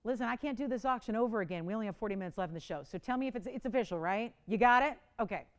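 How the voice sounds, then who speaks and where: A talkative woman hosts a live jewelry auction from a TV studio. Her voice sits a little high, and she pleads for bids in an easy, joking way with frequent laughs. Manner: chatty, pleading, quick to laugh. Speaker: live shopping host.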